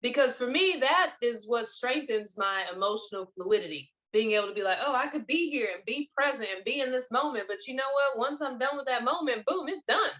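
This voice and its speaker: A woman hosting a podcast, telling stories in a casual spiritual chat with an animated, expressive manner. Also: a little high, fairly quick, hardly any pauses. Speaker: podcast host. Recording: dull lo-fi recording.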